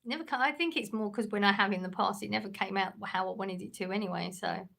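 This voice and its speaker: A woman's voice: medium pitch, fast, creaky, fairly bright tone. A woman with an English accent, chatting casually on a livestream while reading out comments, hesitant and laid-back with many ums. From England.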